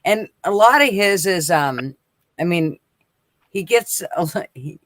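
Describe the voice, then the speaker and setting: A woman's voice: fairly low pitch, no echo. A woman hosting a casual live-stream chat, telling rambling stories and swearing freely. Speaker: host.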